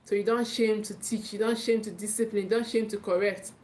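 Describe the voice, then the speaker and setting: A woman's voice: medium pitch, fairly even intonation, brisk, darkish tone. A woman with a Nigerian English accent coaching parents in a live talk, emphatic, often repeating and restarting her phrases and checking in with "okay".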